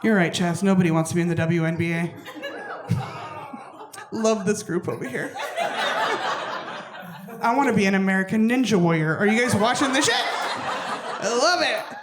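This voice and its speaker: A woman's voice: medium pitch, expressive, normal speed, long pauses, roomy sound, noisy background. A young adult woman doing a stand-up routine on a comedy club stage, brash and swearing, acting out other people with big jumps in her voice.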